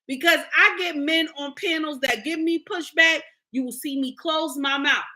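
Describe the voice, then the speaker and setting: This middle-aged woman content creator has a high-pitched, sharp-toned voice and a moderate pace. She's on a livestream, scolding and lecturing her audience in blunt, sermonizing commentary.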